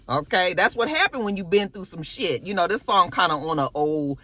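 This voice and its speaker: A woman recapping a TV episode in a casual vlog, telling it with slangy asides and animated delivery. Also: lowish voice, a little fast, few pauses. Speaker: TV episode reviewer.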